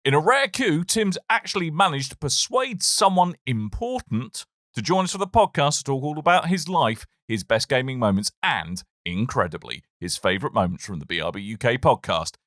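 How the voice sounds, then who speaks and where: A man's voice: mid-range voice, expressive, normal speed, fairly bright tone, no room sound, studio quality. A man co-hosting a podcast, giving a playful, theatrical comedy intro. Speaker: podcast co-host. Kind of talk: comedic show intro in role-play.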